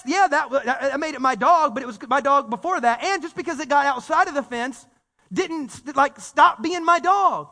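High-voiced preacher in a hall. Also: male voice. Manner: storytelling, animated, repeats words, casual slang. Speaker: pastor. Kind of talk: sermon. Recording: long reverb of a church hall.

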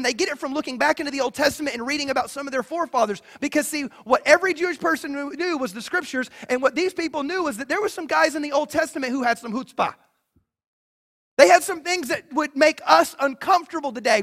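A man delivers a sermon with a strikingly high voice. He talks to the congregation in a casual, energetic way, often acting out the lines he quotes. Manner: energetic, conversational preaching with acted-out quotes. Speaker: pastor.

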